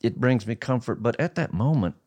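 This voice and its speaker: A man's voice: medium pitch, expressive, fairly quick, a little mellow. A middle-aged man, a pastor, hosting a casual interview; he speaks expressively and laughs easily. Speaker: pastor, host.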